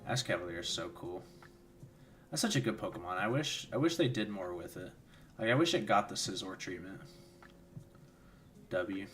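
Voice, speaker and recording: A man's voice: sits low, expressive, moderate pace, long pauses, over music. A tired young man streaming, rambling casually with lots of fillers while he answers chat and commentates games. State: tired, yawning. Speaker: streamer hosting a watchalong.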